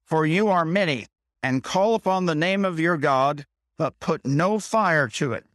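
A man's voice: fairly high pitch, fairly bright tone, dry recording, studio quality. A man reading a Bible passage aloud and stopping to explain it in plain, everyday words, repeating his points and checking in with "okay?". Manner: reads scripture slowly, stops to explain in plain words. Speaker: preacher.

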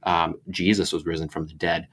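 Deep-voiced pastor, reflective and rambling. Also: male voice, level tone, a little fast, a bit bright. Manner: reflective, meandering with many fillers. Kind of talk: conversational Bible discussion.

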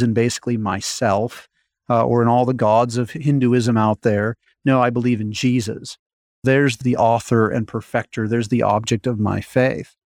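A man's voice: medium pitch, darkish tone, no room sound. Earnest man teaching, dry close sound. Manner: earnest, emphatic, rhetorical questions. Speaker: Lutheran pastor teaching. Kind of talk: radio-style catechism teaching.

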